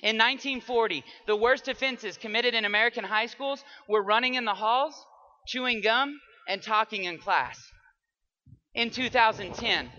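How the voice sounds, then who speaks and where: A young man delivers a memorized persuasive speech, his voice high-pitched and bright. He moves between hushed, quiet passages and loud, dramatic ones. The recording sounds dull and lo-fi. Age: young adult.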